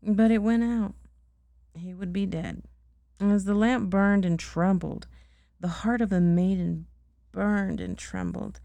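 A mother reading a bedtime story aloud to her child, gently and unhurried, with chatty asides. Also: medium pitch, creaky, no echo.

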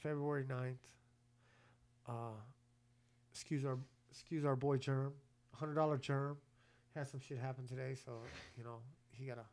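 A man's voice: medium pitch, steady tone, moderate pace, a little mellow. A man hosting a podcast in casual chat, slangy and profane, often stammering as he restarts his sentences. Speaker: podcast host.

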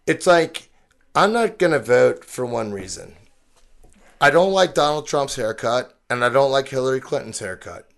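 A man's voice: medium pitch, animated, moderate pace, gravelly, a bit bright. A young man hosting a casual podcast, joking around and breaking into sung bits. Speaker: podcast host.

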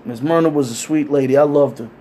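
A man telling crude stories in casual chat, animated and acting out the people he quotes. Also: on the high side, fast. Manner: animated, acts out quoted voices. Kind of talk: casual profane storytelling.

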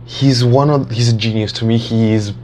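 A young man chats casually about his student days, rambling from story to story with plenty of swearing. He gets animated when he acts out his friends' lines. A faint hum sits under the recording. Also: mid-range voice, normal speed. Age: young adult. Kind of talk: casual chat.

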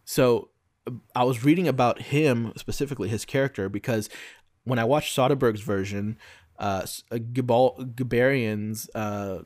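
A man from Brazil casually discussing film adaptations on a podcast, often pausing to search for words. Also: mid-range voice, darkish tone, no room sound, clean studio sound. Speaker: podcast co-host.

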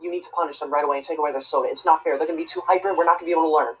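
A woman doing a snitching teacher's pet schoolkid, breathy husky voice, preachy, self-righteous, comedy sketch. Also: low voice, fairly even intonation, very fast, fairly bright tone, full character voice, low-quality recording. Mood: tattling, indignant. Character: prissy rule-obsessed teacher's pet schoolkid.

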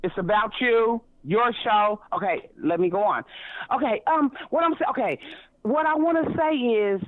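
Excited high-voiced woman caller on a phone line. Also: moderate pace, dry recording. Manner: effusive, rambling, many ums and restarts. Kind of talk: excited phone call to a talk show.

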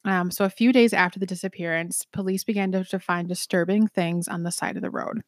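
A woman's voice: on the low side, steady tone, no echo, clean studio sound. A woman co-hosting a podcast, telling a true-crime case casually with many ums and restarts. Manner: chatty, many ums, swears, quick laughs. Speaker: podcast co-host.

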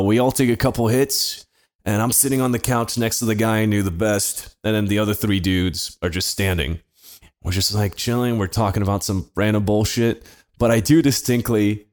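A man's voice: lowish voice, steady tone, moderate pace, a little mellow. A young man telling a long, profane story to friends, laughing often and acting out the voices of the people in it. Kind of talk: casual storytelling.

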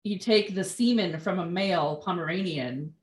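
A woman's voice: on the low side, normal speed. Casting: dry, sarcastic woman host, echoey room. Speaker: podcast host. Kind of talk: casual podcast chat. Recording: roomy echo.

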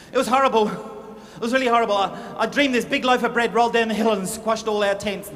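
A man's voice: sits high, fairly even intonation, fairly quick, fairly bright tone. A man voicing a panicked soldier waking from a nightmare, frantic and laughing. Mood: shaken. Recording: echoey hall with faint noise.

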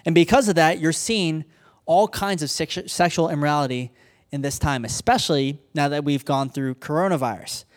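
A man's voice: fairly high pitch, moderate pace. A young adult man preaching a sermon, retelling Bible stories casually and acting out the characters in his own voice. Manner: casual storytelling, acts out characters. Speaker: pastor.

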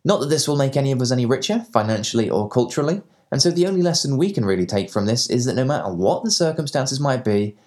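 Fast, sweary man reviewing films. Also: medium pitch, expressive, darkish tone. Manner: sardonic, sweary. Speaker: film reviewer. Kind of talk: scripted comedic review narration.

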